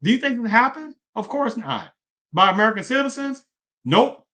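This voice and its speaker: A man's voice: very high-pitched, big pitch swings, a little fast, fairly bright tone. A man giving opinionated political commentary in a rambling way, asking rhetorical questions and often correcting himself. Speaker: video commentator.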